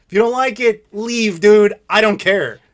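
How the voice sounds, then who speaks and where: An American man in his thirties hosting a live Q&A stream, telling stories in a blunt, animated, profane way. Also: high voice, normal speed. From United States. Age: 30s. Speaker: channel host.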